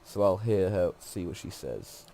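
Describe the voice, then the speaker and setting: His voice sits low, mellow and expressive, at a measured pace. A man nursing a cold reads a tough, restless woman guide's lines from a game, lifting his voice for her, slightly nasal, in a plain reading.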